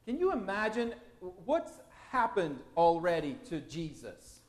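A male pastor preaching with a high, very lively voice that rises and falls a great deal. He keeps putting questions to the congregation. The room gives his voice a noticeable echo. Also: unhurried. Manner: animated, questioning the listeners. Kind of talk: expository sermon.

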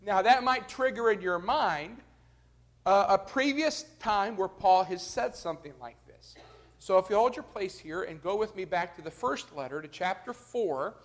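A man with a notably high voice leads a Bible class, talking through the text one verse at a time. He keeps an easy, conversational tone and speaks straight to the group in front of him. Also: expressive, moderate pace. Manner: explains verse by verse, addresses the class directly. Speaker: Bible study teacher.

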